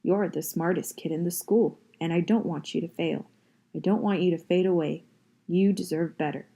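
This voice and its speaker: An intense, earnest schoolteacher, voiced by a woman reader in a low, warm tone. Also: moderate pace, creaky, slightly rough. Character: earnest middle-aged male schoolteacher, intense.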